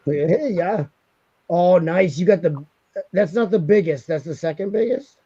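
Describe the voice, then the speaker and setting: A man co-hosting a marathon live stream, quick with a joke and often laughing. His voice sits on the high side but sounds mellow. The audio is dull and lo-fi. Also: breathy edge. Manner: jokey, laughs a lot, slips into mock accents. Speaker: stream host. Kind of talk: casual live-stream banter.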